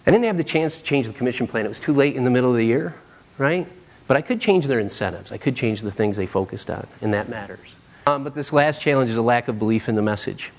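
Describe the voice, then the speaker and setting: A man in his thirties delivers a conference keynote from the stage, in a mid-pitched voice. He tells stories animatedly, acting out the lines of the people in them. He keeps checking in with the room with a quick "right?". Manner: animated, acts out quotes, frequent "right?". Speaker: keynote speaker.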